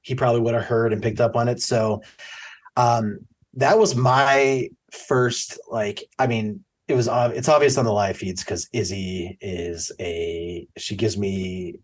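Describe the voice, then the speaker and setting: A man's voice: lowish voice, steady tone, measured pace. A man co-hosting a podcast in casual chat, chatty and acting out quotes he recounts. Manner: chatty, acts out quotes from the show; self-described easy crier. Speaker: podcast co-host.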